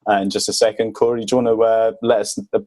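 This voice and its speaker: A man's voice: on the low side, level tone, quick pace, warm tone. A British man from the UK hosting a fitness podcast in a casual, chatty way, with lots of fillers. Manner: chatty, laid-back, with many fillers. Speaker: podcast host.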